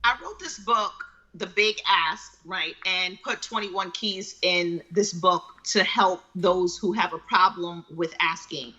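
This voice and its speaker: A woman's voice: medium pitch, a bit bright, muffled recording. A woman author being interviewed on a live video show, speaking in a confident, persuasive, motivational way.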